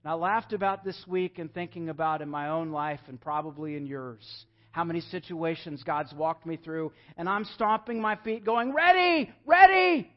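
A young man preaching a sermon as pastor, earnest and emphatic, swelling with feeling and then easing to a soft, intimate close. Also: a little high, moderate pace, hardly any pauses, lo-fi sound. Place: church sanctuary.

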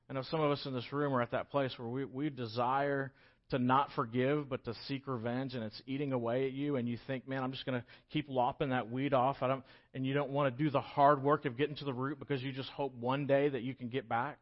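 A man preaching a sermon, swinging from loud, urgent pleas to quiet, emphatic pauses. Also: medium pitch, little pitch movement. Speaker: pastor. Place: church hall. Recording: dull, lo-fi recording.

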